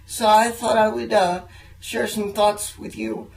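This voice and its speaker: A young man interviewing a guest, earnest and halting, with frequent fillers and restarts. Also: sits high, little pitch movement, gravelly, rough recording. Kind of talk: casual interview chat.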